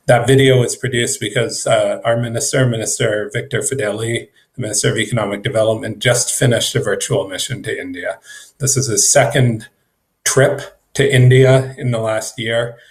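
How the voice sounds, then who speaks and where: A man, a government trade representative, speaking at a virtual event in a conversational way with fillers and restarts. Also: fairly low pitch. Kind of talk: conference remarks.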